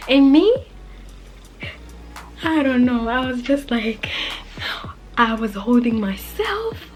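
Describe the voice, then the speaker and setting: Young woman, casual storytime vlogger, lively and dramatic, slightly high voice, faint music underneath. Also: takes it slowly, long pauses. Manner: animated, acts out her own past self in quoted voices, drops to whispers. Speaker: vlogger telling a personal story.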